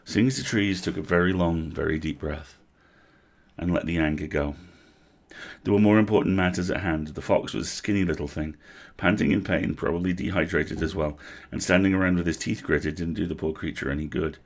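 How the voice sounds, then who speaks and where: A man reading a storybook aloud on a livestream, with vivid, animated narration. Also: deep voice, fairly quick. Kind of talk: expressive book reading.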